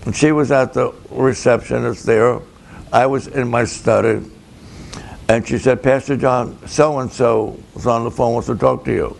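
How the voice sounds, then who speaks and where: A man, a pastor, telling a story slowly and dramatically, acting out both sides of the conversations. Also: medium pitch, fairly even intonation, vocal fry. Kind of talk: storytelling sermon to camera.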